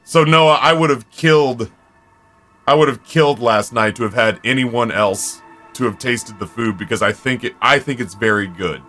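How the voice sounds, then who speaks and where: A man with a bright, forceful voice chats casually with his stream viewers from a home setup. He tells stories in a lively way and swears freely. Soft game music plays underneath. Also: medium pitch, moderate pace. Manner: animated storyteller, swears freely. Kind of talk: casual chat with viewers while gaming.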